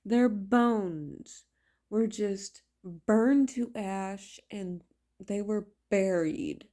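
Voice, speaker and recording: A woman's voice: mid-range voice, very slow, warm tone. A woman reviewing a show in a casual vlog rant, exasperated, blunt and full of profanity. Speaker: video reviewer.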